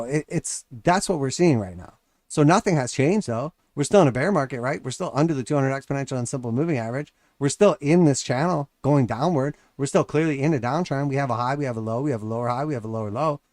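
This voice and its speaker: A man's voice: medium pitch, a little mellow, no echo, clean studio sound. A man giving casual, blunt live market commentary as host, sarcastic, often acting out mocking voices.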